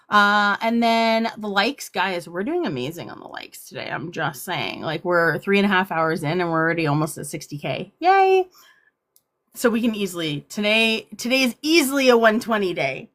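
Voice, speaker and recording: A woman's voice: mid-range voice, fairly bright tone. Upbeat woman hosting a livestream. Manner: upbeat, rapid auctioneer patter at times. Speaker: livestream host. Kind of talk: casual livestream chat.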